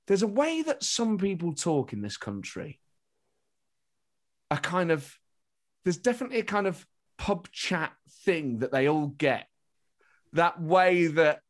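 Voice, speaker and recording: A British man, a comedian, talking animatedly as a podcast guest, often restarting his thoughts mid-sentence. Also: on the high side. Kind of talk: casual interview chat.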